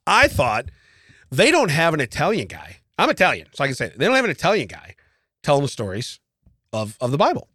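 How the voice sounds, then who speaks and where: A man co-hosting a casual podcast chat, telling a story in an animated way with frequent laughs, recorded in a podcast studio. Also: a little high, brisk, slightly rough, no echo. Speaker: podcast co-host.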